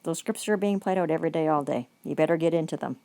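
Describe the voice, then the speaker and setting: A woman's voice: low voice, fast talker, creaky, warm tone, dry recording. A woman giving an angry, profane vlog monologue, repeating phrases for emphasis.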